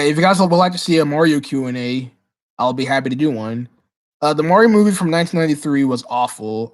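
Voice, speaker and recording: A man hosts a casual livestream, reading viewers' questions aloud and answering on the spot. He talks in an excitable, stumbling way, repeating words and restarting sentences as he goes. His voice sits at a middle pitch. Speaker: livestream host.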